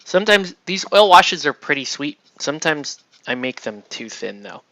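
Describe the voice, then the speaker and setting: A man's voice: on the high side, sing-song, moderate pace, bright, forceful tone, no room sound. A man hosting a casual painting tutorial, chatty and rambling as he works, often checking in with "right?". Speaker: miniature painting host. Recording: dull lo-fi dry sound.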